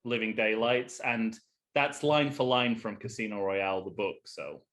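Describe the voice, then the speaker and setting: A man co-hosting a podcast, chatting casually about films with frequent restarts and sentences that fade off quietly. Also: fairly low pitch. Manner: halting, many restarts, trails off quietly. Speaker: podcast co-host. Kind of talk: casual film discussion.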